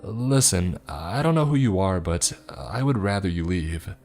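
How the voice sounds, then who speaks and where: A man's voice: low voice, expressive, measured pace, a little mellow. Man reading tense young man, curt, slightly raised voice, faint music. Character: young man, protective and scared.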